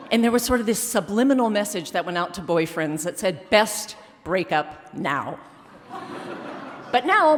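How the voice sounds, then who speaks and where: A woman performing a comic, self-mocking personal story on a theater stage before a live audience. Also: on the high side. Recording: reverberant theater hall.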